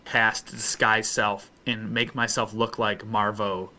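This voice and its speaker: A man's voice: lowish voice, level tone, slow pace, pushed and bright. A man playing a character in a tabletop game, hesitant at times and dryly sarcastic. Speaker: player.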